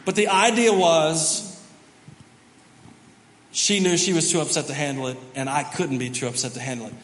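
A man preaching in a large church, telling stories on himself with lively self-mockery. His voice sits a bit high for a man. The sound carries a long reverb across the hall, with a faint hum of noise under it. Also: moderate pace. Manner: storytelling, animated and self-mocking. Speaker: pastor. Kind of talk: sermon.

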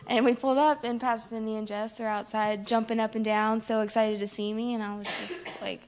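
A woman's voice: on the high side, fairly even intonation, a little fast, a little mellow. A young woman giving a casual personal testimony, full of "like" fillers, recounting conversations with others. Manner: casual, many "like" fillers, quotes others in dialogue. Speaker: recovery program resident.

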